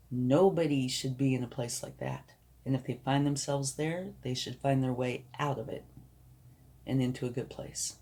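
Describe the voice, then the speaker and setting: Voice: medium pitch, fairly even intonation, moderate pace, warm tone. A tarot card reader giving a reassuring, emphatic reading, sometimes dropping to a whisper for emphasis.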